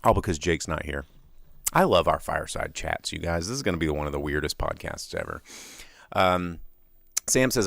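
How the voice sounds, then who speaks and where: Gravelly young male host, lively swooping pitch, dry close sound, riffs off chat. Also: moderate pace, dry recording. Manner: animated storyteller who acts out voices, many restarts. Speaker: podcast host. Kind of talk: casual live solo podcast rant.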